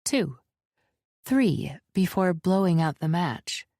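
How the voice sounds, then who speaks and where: Slow, low-voiced woman narrating. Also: lively intonation, dark tone, no room sound, clean studio sound. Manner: measured, descriptive reading. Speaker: audiobook narrator. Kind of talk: scripted narration.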